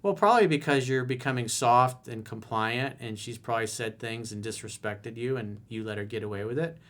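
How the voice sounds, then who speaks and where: A man's voice: medium pitch, fairly quick, fairly bright tone. A man as a dating coach, reading viewer emails aloud and answering them with blunt, casual, direct advice.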